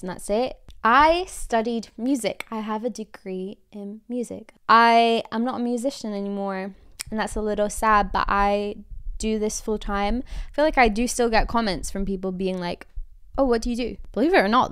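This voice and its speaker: A young Scottish woman in her twenties talks to her listeners like a close friend, her accent mild and a little American. Her voice is smooth and clean, and her chat is loose and full of quick laughs and fillers. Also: mid-range voice, fairly bright tone. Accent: Scottish with an American tinge. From Scotland. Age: 20s. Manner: chatty, lots of likes, quick laughs. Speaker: podcast host. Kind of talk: casual chat.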